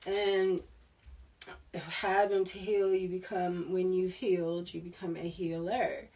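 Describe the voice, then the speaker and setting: Woman tarot reader, unhurried rambling chat, mid pitch, voice set back from the mic. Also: level tone, dark tone, distant mic. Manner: rambling, laughs often, with restarts. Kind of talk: casual spiritual chat.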